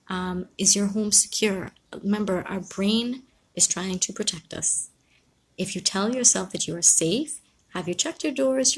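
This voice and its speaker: A woman counsellor speaking calmly and reassuringly on a live stream, giving advice and answering viewers. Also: mid-range voice, gravelly, slightly rough. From Guyana. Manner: calm, reassuring, reads out viewer comments.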